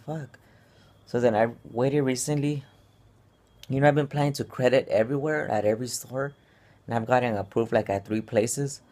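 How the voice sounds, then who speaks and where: A man's voice: mid-range voice, a little mellow. Rambling, stressed young man telling his story. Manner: rambling and restless, many fillers and restarts. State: stressed and upset. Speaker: vlogger. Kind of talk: casual personal vlog story.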